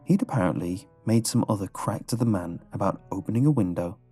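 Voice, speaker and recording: A man giving scripted horror narration in a low, measured storytelling manner. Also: lively intonation, warm tone, slightly rough. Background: faint background music.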